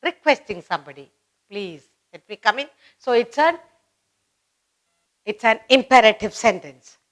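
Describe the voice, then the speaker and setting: A woman's voice: fairly high pitch, expressive, unhurried, a bit bright. A woman teaching a children's grammar lesson, repeating each example sentence and explaining it step by step. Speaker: English teacher.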